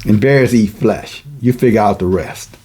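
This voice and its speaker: A man's voice: on the low side, measured pace, warm tone, breathy edge. A man preaching a sermon, mixing casual asides and chuckles with emphatic, rising passages.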